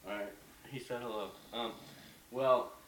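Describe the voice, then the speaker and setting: A man's voice: medium pitch, steady tone, a little slow, a bit bright. A young man ranting in a casual home vlog, heated and profane, rambling as he goes. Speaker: vlogger. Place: bedroom at home. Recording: echoey room, mic at a distance, faint hiss.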